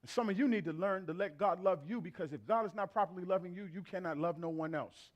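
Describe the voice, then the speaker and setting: Animated high-voiced pastor preaching. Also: male voice, fast. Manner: animated storyteller acting out family dialogue. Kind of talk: sermon with comic anecdotes. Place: church sanctuary.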